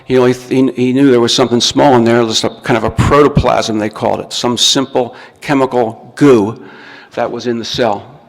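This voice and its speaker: A man's voice: medium pitch, steady tone, moderate pace. A man giving a recorded lecture, explaining step by step and often restarting his words. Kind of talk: recorded talk to an audience. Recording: long reverb from a hall.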